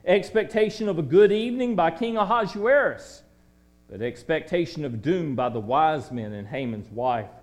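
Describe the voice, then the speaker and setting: A man preaching a sermon in a dramatic way, dropping to a hush and then rising to loud declaiming. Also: on the high side, lively intonation, moderate pace.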